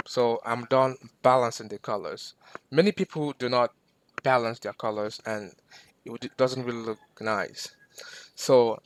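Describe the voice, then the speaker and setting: A man teaching a screen-recorded software lesson, patient and step by step, repeating himself with fillers. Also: medium pitch, no room sound. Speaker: instructor.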